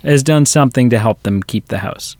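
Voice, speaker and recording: Guy on a movie podcast, mid pitch, acts out lines from films, dry close mic. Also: fairly quick, dry recording. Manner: animated retelling, quotes film lines. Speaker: podcast co-host. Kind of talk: casual movie review chat.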